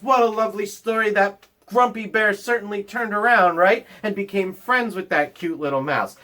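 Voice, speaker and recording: A man, a school librarian, reading a picture book aloud to children from home in an animated, playful way. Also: high voice.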